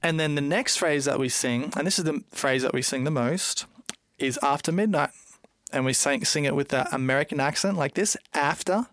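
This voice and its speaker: A male co-host teaching low vocal harmonies in a clear, methodical way, counting the beats aloud. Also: fairly quick, a bit bright, no room sound, clean studio sound. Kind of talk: singing lesson.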